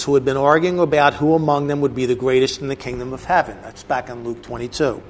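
A man's voice: medium pitch, fairly even intonation, fast talker, few pauses. A man teaching a bible class, explaining a passage with casual asides to the listeners. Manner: conversational, asides to the audience.

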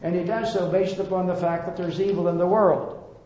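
An earnest man preaches a Bible-teaching sermon, pressing his points and sometimes stumbling into restarts. His voice sits a touch high but mellow. The sound is boomy and echoing, with a dull lo-fi edge. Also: steady tone, fairly quick. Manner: earnest, emphatic, occasional stammered restarts.

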